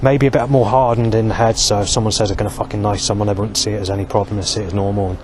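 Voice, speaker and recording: Low-voiced man rambling outdoors. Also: fairly even intonation, racing. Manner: meandering, frequent restarts and swearing. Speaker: vlogger. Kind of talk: rambling monologue. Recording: outdoor street and traffic noise.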